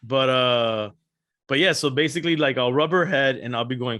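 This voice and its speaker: Lively bright-voiced man telling stories. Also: medium pitch, a little fast. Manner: animated storyteller, laughs often, swears casually. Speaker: podcast co-host. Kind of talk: casual chat.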